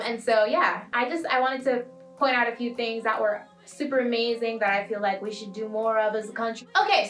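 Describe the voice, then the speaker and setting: A young woman from Malawi giving a playful comic monologue to camera, with sudden high squeals and quiet asides. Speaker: vlogger. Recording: echoey room, voice a bit far from mic, light music.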